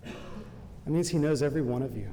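A man preaches with earnest conviction, slowing his words to press a point and dropping soft when quoting scripture. His voice is mellow and sits slightly high. The sound rings with long reverb in a large hall. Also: a little hiss or hum. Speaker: pastor. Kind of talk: sermon.

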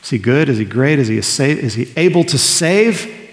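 A man's voice: medium pitch, expressive, a little fast, gravelly, few pauses. A man in a middle register preaching an earnest sermon. He asks his listeners questions and answers them himself. His voice carries a long reverb, as if from a large church sanctuary. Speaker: pastor.

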